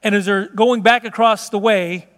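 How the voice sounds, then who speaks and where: A man preaching a sermon in an emphatic, conversational way, at times dropping to slow, hushed tones. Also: high-pitched, fairly even intonation. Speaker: pastor. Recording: long reverb of a large hall.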